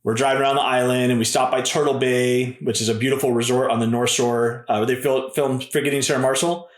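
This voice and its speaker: A man's voice: medium pitch, level tone, fast, reverberant. A man in his thirties, a podcast guest telling stories in a casual, laid-back way and often calling people "dude" and "man". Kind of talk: casual storytelling.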